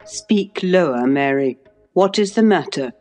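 A woman voicing a proud gentleman of the house in an audiobook, speaking in a clipped, commanding way. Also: sits low, expressive, a little slow, faint music behind. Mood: stern. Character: stern gentleman, agitated then coldly proud.

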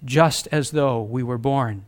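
A man's voice: mid-range voice, slow pace. A man preaching a sermon, reading scripture aloud and speaking earnestly with repetition for emphasis. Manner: reads scripture aloud, conversational asides.

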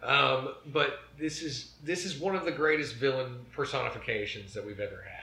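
Hammy excited guy on a podcast, bright voice, echoey room. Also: mid-range voice, normal speed, gravelly. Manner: enthusiastic, hammy. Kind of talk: casual chat about comic-book movies.

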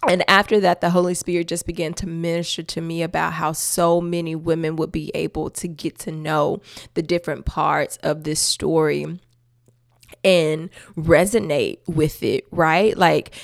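A woman sharing her faith story in a lowish, gravelly voice, talking expressively and emphatically and breaking into laughter often. Her voice sounds dry and close, with no room echo. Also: normal speed. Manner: expressive and emphatic, with church-style asides to listeners. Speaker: podcast host sharing her testimony. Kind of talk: personal faith testimony, conversational.

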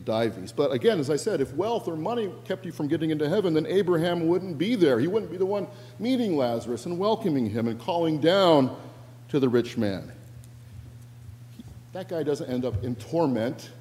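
A man's voice: medium pitch, warm tone, a little hiss or hum. A man preaching a sermon, telling a story and breaking off now and then for asides and small corrections. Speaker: pastor. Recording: long reverb of a church hall.

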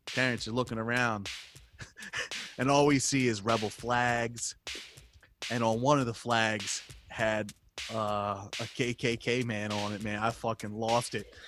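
A man telling a story in casual chat, animated, laughing often and swearing freely. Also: mid-range voice, unhurried, slight background noise.

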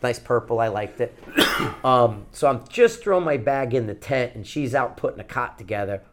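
The recording is very noisy as a Connecticut podcast co-host, speaking in a mid-range voice at a moderate pace, spins a long tale about the outdoors. He's animated and profane, wandering loosely from point to point.

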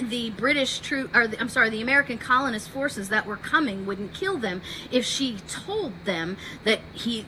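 Bright high woman telling history. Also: slight background noise, poor audio. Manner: animated, acts out quotes. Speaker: podcast host. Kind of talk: storytelling history talk.

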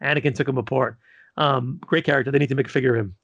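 A man's voice: medium pitch, fairly even intonation, racing, creaky, a bit bright, no echo, dull audio. A man hosting a podcast, working through a ranked list in a laid-back way with lots of fillers and some swearing. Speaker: podcast host reading a list. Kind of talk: casual podcast list rundown.

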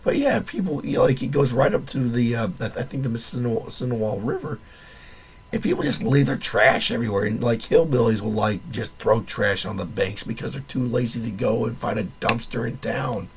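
A man's voice: mid-range voice, expressive, moderate pace. A man hosting a casual solo podcast, rambling and wry with a little profanity, his voice worn and nearly gone. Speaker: podcast host.

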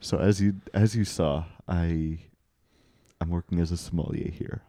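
A man's voice: deep voice, steady tone, measured pace, mellow. A male podcast host rambling wryly through an improvised comedy bit, often cutting himself off. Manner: rambling, self-interrupting, wry.

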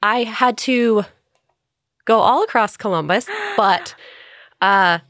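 A woman's voice: a little high, sing-song, slow pace, a bit bright, dry recording, clean studio sound. A woman chatting on a podcast, rambling through a long story. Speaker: podcast player. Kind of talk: casual chat.

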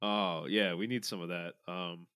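A man's voice: low voice, steady tone, measured pace, sharp tone, smooth, no echo, clean studio sound. A man co-hosting a podcast, trading loose, swearing banter with lots of fillers. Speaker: podcast co-host. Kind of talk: casual chat.

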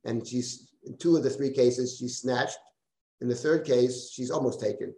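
Rabbi teaching, thoughtful, roomy sound. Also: male voice, mid-range voice, moderate pace, a little mellow. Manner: thoughtful, frequent "right?" and restarts. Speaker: rabbi teaching a Bible class. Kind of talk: live class lecture with questions. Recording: roomy echo.

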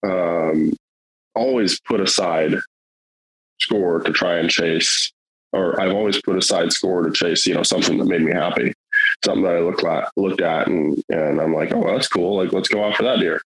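A man's voice: sits low, fairly even intonation, normal speed, slightly rough, low-quality recording. A middle-aged man telling a hunting story in casual, rambling, earnest talk, with many fillers and restarts.

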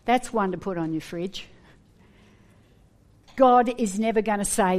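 A woman preaching a sermon, earnest and animated, with humorous asides. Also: medium pitch, measured pace, long pauses.

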